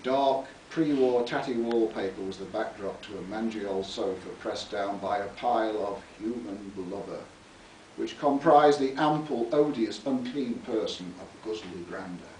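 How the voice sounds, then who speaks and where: A man's voice: on the low side, a little slow, darkish tone, slight background noise. A man, an author, reading from his book in a theatrical way and adding spoken asides at a library talk. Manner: theatrical, relishing words, chuckling at his own lines. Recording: echoey room, mic far off.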